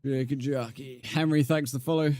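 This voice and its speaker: A man's voice: mid-range voice, fairly quick. A young British man live-streaming a game, chatting casually and answering his viewers' messages. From Britain. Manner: relaxed, reads chat aloud and answers viewers, says "mate". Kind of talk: casual live-stream chat while gaming.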